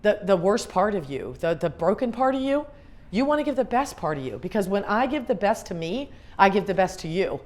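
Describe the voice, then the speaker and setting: A woman's voice: medium pitch, big pitch swings, fairly quick, darkish tone. A middle-aged woman, a grief specialist, giving an earnest motivational talk to an audience, repeating her questions for emphasis.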